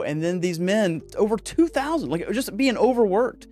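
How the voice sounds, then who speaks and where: A man's voice: sits high, normal speed, hardly any pauses, soft background music. Fired-up man hosting a podcast. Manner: energetic, gets worked up, jokey asides. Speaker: podcast host. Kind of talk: casual podcast monologue on men's mental health.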